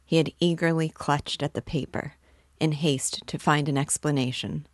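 A woman reads a classic novel aloud in a measured, steady way. Her voice sits low. The sound is dry and close to the mic. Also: dry recording. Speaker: host reading a novel aloud.

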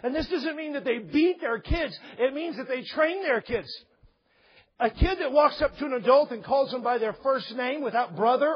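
A man preaching a sermon, animated, acting out parents and children, sometimes raising his voice to a shout. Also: very high voice, moderate pace, breathy edge. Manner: raises voice to a shout at points. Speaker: pastor. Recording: dull lo-fi recording.

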